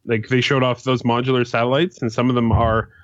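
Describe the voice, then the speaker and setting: A man's voice: medium pitch, flat delivery, brisk, dry recording. A man on a casual podcast, explaining game details in a matter-of-fact way. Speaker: podcast co-host. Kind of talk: casual group chat. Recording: dull, dry home mic.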